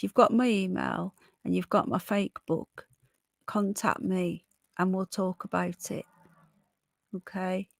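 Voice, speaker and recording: A hoarse woman in her early forties talks casually to her livestream viewers, her voice gravelly and full of fry. She sounds dry and close, with no room around her, and keeps calling people love and darling. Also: on the low side, no room sound. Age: 40s. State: hoarse from illness. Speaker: livestream host. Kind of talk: casual live chat.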